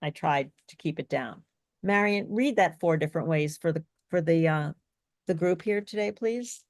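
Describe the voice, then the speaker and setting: A woman's voice: low voice, moderate pace, dry recording, studio quality. A woman speech coach leading an online workshop, chatty and friendly, with frequent ums. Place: online video session.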